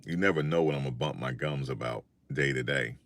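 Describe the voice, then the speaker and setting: An older man vlogger delivers an animated, casual monologue of funny stories, frequently repeating himself. His voice rumbles low and moves a little fast.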